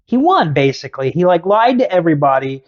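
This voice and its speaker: Podcast host, animated sarcastic storytelling, mid-pitched voice, dull lo-fi sound. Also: fast. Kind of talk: casual storytelling.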